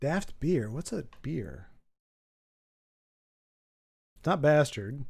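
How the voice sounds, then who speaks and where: A man's voice: medium pitch, sing-song, unhurried, vocal fry, a little mellow, breathy edge. A man hosting a casual stream, reading out chat and thinking aloud, rambling and often repeating words as he goes. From United States. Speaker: livestream host reading chat.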